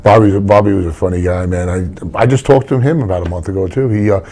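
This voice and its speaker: A low, gravelly older man tells wrestling stories in a relaxed interview. He rambles, trips over his words and restarts often, and he speaks plainly. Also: quick pace, a little hiss or hum. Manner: rambling, blunt, with many restarts. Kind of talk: casual storytelling in an interview.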